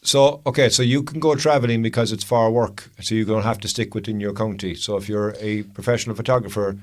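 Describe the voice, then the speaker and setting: A man's voice: on the low side, fairly even intonation, fairly quick. An Irish man co-hosting a photography podcast, telling stories eagerly in casual chat. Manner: enthusiastic storyteller, says "man" and "you know".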